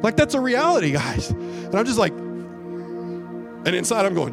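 A man preaching a sermon as pastor, telling a personal story in an animated, emphatic way. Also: high-pitched, measured pace, vocal fry. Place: church. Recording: music playing behind.

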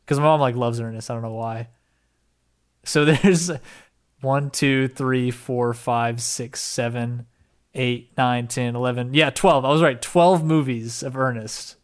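A young man co-hosting a podcast in casual chat, excitable and rambling, with casual swearing. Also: mid-range voice, a little slow, clean tone. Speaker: podcast co-host.

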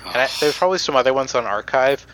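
A man's voice: mid-range voice, expressive, fast talker, a bit bright, a little hiss or hum, low-quality recording. A man on a podcast presenting research in casual chat, with many ums and restarts.

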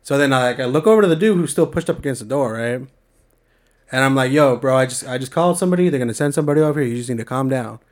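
A man's voice: mid-range voice, animated, very fast. A young man from the San Francisco Bay Area telling a story in a laid-back, slangy way, swearing often. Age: young adult. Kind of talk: casual storytelling chat.

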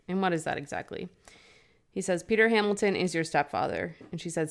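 A young woman with a lowish, smooth and resonant voice chats about a novel on her podcast. She laughs easily and slips into reading passages aloud in a casual, friendly way. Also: steady tone, fairly quick. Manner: giggly, recaps chapters and reads passages aloud. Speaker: podcast co-host. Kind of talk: casual book-club chat.

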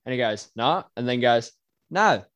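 A young Australian man co-hosting a casual podcast, telling lively anecdotes and acting out the people in them. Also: medium pitch, moderate pace, muffled recording. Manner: animated storyteller, voices people in anecdotes. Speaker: podcast co-host. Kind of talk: casual chat.

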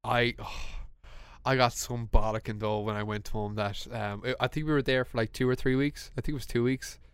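A young man with an Irish accent, a podcast co-host telling a story in casual chat, animated and laughing, with lots of restarts. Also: mid-range voice, fairly quick, smooth, dry recording.

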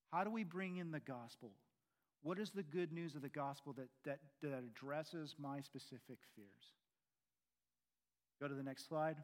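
A man preaching a sermon earnestly, pressing loud questions and then dropping to quiet, low endings.

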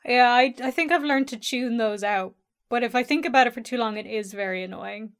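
A woman's voice: on the high side, a little fast. A woman who is a podcast guest in a casual chat, with dry, blunt humour.

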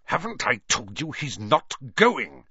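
A man voicing a short-tempered, blustering middle-aged uncle who hisses and yells, in an audiobook. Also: mid-range voice, huge pitch swings, takes it slowly, breathy edge, no echo, full character voice. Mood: angry, hissing. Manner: hissing and yelling, short-tempered. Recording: dull dry recording.

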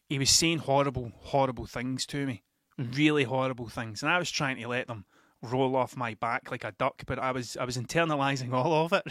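Swearing freely and repeating himself, a Scottish dad rambles through a self-mocking anecdote as his podcast's host in a casual monologue. His adult voice is on the high side with a sharp tone. The recording is dry and of studio quality.

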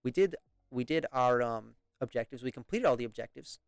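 A man's voice: medium pitch, expressive, brisk, vocal fry, clean tone, no echo. Young British man, casual storyteller, swears a lot and laughs along, dry close mic. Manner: rambling, profane, laughs often. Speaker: podcast host.

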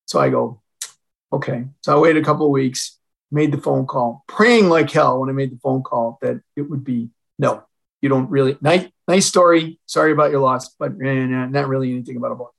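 Gravelly older man telling a story. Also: medium pitch, fairly quick, rough recording. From Illinois, USA. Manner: animated storyteller acting out quoted dialogue. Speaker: podcast guest, retired fire chief. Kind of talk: storytelling in an interview.

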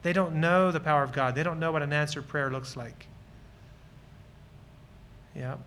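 There's a little hiss or hum behind this man's fairly high, slightly bright voice, which moves at normal speed. A guest speaker on ministry from Lancaster County, Pennsylvania, he gives a sincere, enthusiastic talk with audience questions and personal stories, acting out brief dialogue as he goes.

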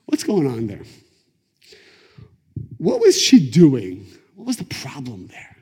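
A middle-aged man teaching a class on Kabbalah, telling stories in a lively conversational way. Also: medium pitch, slow, slightly rough. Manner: animated, conversational, acts out quotes. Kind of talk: lecture storytelling. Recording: echoey lecture hall.

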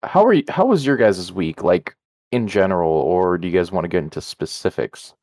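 A deep-voiced man chats casually on a podcast, quick to react with excited remarks. The sound is dry and close, with no reverb. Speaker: podcast co-host. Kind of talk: casual chat.

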